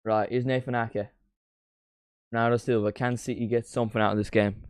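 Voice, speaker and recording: A man streaming a live football watchalong, chatting casually and breaking into quick play-by-play calls. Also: mid-range voice, little pitch movement, clear, resonant tone, no echo, clean studio sound.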